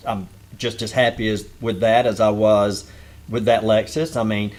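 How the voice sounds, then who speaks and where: A Southern-accented man hosts a casual interview show in a somewhat low voice. He hesitates with fillers but praises his guest warmly. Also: level tone, normal speed. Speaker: show host.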